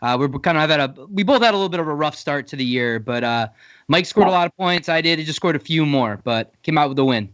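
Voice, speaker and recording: A man's voice: fairly high pitch, lively intonation, fast, fairly bright tone, no room sound. A man co-hosting a casual podcast as a meteorologist over a video call, upbeat in manner. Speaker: co-host and meteorologist.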